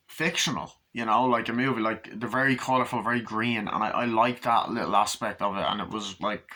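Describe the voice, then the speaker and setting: A man's voice: fairly low pitch, bright, forceful tone. A man giving a rambling, casual spoken movie review, retelling scenes and swearing freely.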